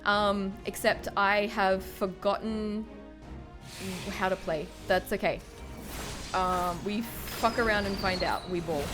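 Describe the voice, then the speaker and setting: Over clearly audible game music, a woman gives live commentary on her gameplay in a steady, medium-pitched voice, speaking slowly. She's tipsy, swears, mutters to herself and to chat, and now and then lets out a panicked shriek.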